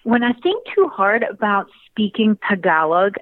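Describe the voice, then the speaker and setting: A woman with a Southern American accent, an actress telling stories as a guest in a casual interview with lively, laughing delivery. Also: medium pitch, moderate pace, dry recording. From Alabama, US South. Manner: animated storyteller, laughs often. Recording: phone-line audio, dry.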